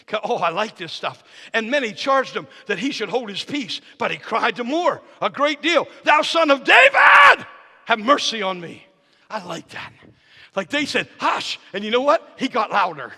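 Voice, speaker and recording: Male guest preacher, very lively pitch, folksy delivery, shouted highs, church reverb. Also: slightly rough. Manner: swings from low intimate storytelling to shouted climaxes; folksy Southern-style phrasing with "ain't" and "y'all". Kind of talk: sermon. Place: church sanctuary.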